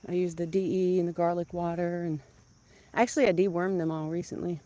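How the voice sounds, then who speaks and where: Woman, casual backyard chat, quick to laugh and scold the birds. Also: steady tone. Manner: chatty, laughs often, scolds her chickens in a loud high voice. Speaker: vlogger keeping backyard chickens. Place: outdoors in a backyard with chickens.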